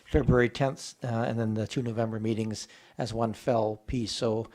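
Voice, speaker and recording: A man chairing a council meeting as mayor, speaking in a measured, procedural and slightly hesitant way in a council chamber. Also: lowish voice, steady tone, a little mellow.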